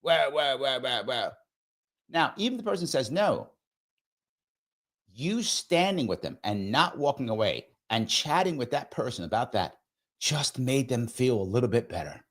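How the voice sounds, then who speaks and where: Earnest man with a lively voice. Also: medium pitch, moderate pace. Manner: earnest and conversational, acts out quoted dialogue. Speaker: host of a live discussion show. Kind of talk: casual live monologue.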